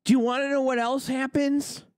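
A man's voice: very high-pitched, flat delivery, moderate pace, clear, resonant tone, no echo, studio quality. A man hosting a trucking business show, ranting on a livestream and firing off rhetorical questions. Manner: argumentative, fires off rhetorical questions. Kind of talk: livestream rant.

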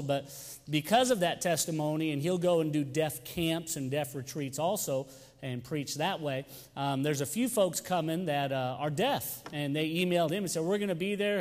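Young man, youth pastor, chatty and joking with the congregation, slightly high voice, long reverb of a church sanctuary. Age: young adult. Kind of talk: sermon announcements and storytelling.

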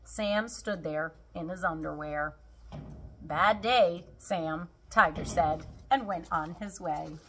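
A woman reading a children's storybook aloud in an expressive, unhurried way. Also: deep voice, a little hiss or hum.

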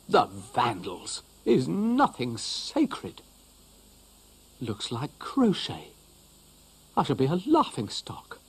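A grumpy, fussy cartoon dog, put on by a man grumbles and huffs with slow, dragging indignation. The voice is husky and swoops about in pitch as he complains. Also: heavily acted. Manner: huffy, indignant, mutters and grumbles. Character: grumpy fussy male dog, self-pitying.

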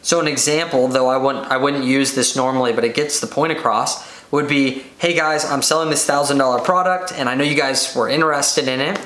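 A man hosting a business podcast, talking energetically on his own and rattling off quick lists. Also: medium pitch. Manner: energetic, rapid lists, acts out excited buyers. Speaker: podcast host. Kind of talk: solo business podcast talk. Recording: roomy echo.

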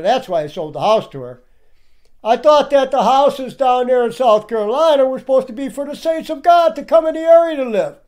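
A man's voice: extremely high pitch, a little mellow. A man giving indignant, preachy commentary over clips and firing off rhetorical questions. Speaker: online commentator.

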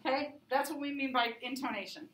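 A woman's voice: high voice, a little fast, fairly bright tone. A woman teaching a class lecture in a conversational way, often checking in with the listeners. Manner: conversational, checks in with frequent "right?" and "okay?". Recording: echoey room, voice from a distance.

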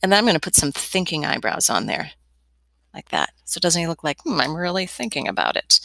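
A woman's voice: sits low, sing-song, fairly quick, creaky, fairly bright tone, dry recording. A young woman teaching a step-by-step drawing lesson as an art teacher, chatty and encouraging with playful asides.

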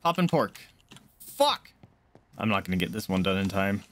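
A man's voice: sits low, animated, quick pace, a little hiss or hum. A man streaming a horror game, muttering and swearing as he panics. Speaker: gaming streamer. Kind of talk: live gameplay reactions.

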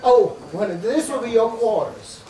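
An actor playing a patient, well-off son who explains things calmly. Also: male voice, very high voice, unhurried. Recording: echoey room from a far camera with hiss.

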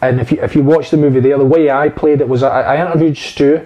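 Man telling rambling stories, higher-pitched. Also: steady tone, quick pace, mellow, dull audio. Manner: rambling, profane storyteller with many fillers. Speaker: actor guest. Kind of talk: casual anecdotal chat.

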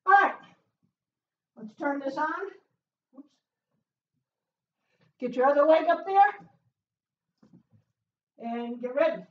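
A woman leading a home workout as a fitness instructor, cheering with loud whoops and getting out of breath as she exercises. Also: high-pitched, expressive, slow pace, pauses often. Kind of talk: live workout coaching. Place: small closed room at home. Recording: roomy, distant, dull sound.

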